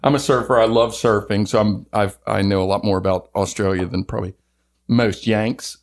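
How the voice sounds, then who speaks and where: Man, faint Southern American accent, low voice, casual rambling podcast chat. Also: fairly even intonation, normal speed. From Southern United States. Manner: rambling, talkative, laughs often. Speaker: podcast co-host.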